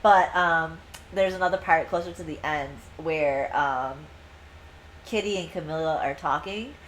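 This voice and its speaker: A woman's voice: low voice, measured pace, slight background noise, low-quality recording. A woman co-hosting a podcast, chatting casually and profanely about a book and acting out lines from it. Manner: profane, gushing, acts out quotes. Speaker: podcast co-host. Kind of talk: casual book review chat.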